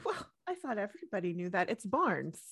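Lady doing a polite helpful phone clerk, lively voice, dry close sound. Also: medium pitch, a little fast, husky, no echo, heavily acted.

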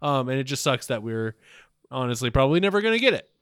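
An eager man chatting as a podcast guest, his pitch jumping all over the place. His voice is bright and high, and he stumbles into restarts when excited. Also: fast, clean tone, no echo, studio quality. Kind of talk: casual chat.

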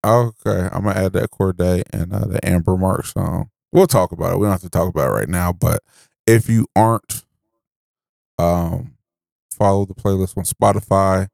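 A man's voice: low voice, moderate pace, gravelly, darkish tone, no room sound, studio quality. A man co-hosting a podcast, chatting casually with profane jokes and stammered restarts. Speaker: podcast co-host. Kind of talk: casual chat.

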